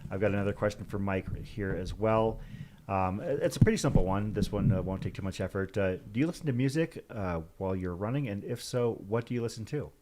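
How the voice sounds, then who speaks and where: Laid-back low-voiced male event host. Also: animated, brisk, a little mellow, a little hiss or hum. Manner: easygoing, hesitant with "uh" fillers. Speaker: livestream host and finish-line announcer. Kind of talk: live event commentary and interview.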